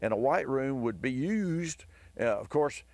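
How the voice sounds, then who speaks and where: Hoarse male talk-radio host, rambling enthusiastic storyteller, mid-pitched, dry close mic. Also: expressive, a little slow, darkish tone, no room sound. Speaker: host of a car advice radio show.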